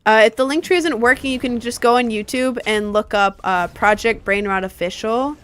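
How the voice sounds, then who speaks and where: A woman's voice: on the high side, moderate pace, clean tone. A young woman chatting casually on a live stream while playing a game, rambling and answering her chat.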